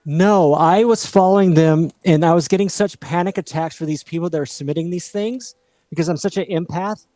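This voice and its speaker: A man with a fairly high voice co-hosts a casual livestream, reading out viewer comments in a chatty, self-deprecating way. The sound is dry and close, with no room in it. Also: dark tone, dry recording.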